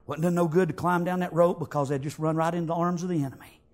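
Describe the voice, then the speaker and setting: A man preaching a sermon, acting out the story, shouting some lines and whispering others. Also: fairly high pitch, fairly even intonation, quick pace.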